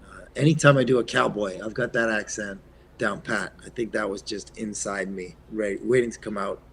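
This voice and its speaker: A man from Quebec, a guest actor, chatting in an interview in a soft-spoken way that often trails off, with plenty of ums and uhs. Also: on the low side, fairly even intonation, moderate pace, vocal fry, a little hiss or hum. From Eastern Canada, Quebec. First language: French. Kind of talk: casual interview chat.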